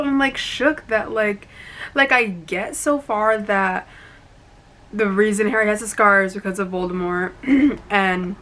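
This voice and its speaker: A young vlogger with a medium-pitched voice chats casually to her camera at home in a reading-update vlog, full of "like" and "um". The rough recording picks up a steady hum from a fan running in the room.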